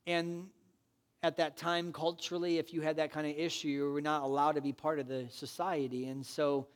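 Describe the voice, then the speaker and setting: High-voiced earnest preaching man. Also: little pitch movement, moderate pace. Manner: earnest, exhortative storytelling. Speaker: pastor. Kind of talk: sermon.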